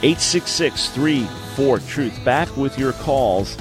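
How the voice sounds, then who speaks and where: A man's voice: medium pitch, expressive, takes it slowly, music in the background. A man hosting a live call-in radio talk show, speaking earnestly and conversationally, often repeating a word as he starts a sentence. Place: remote location, early morning.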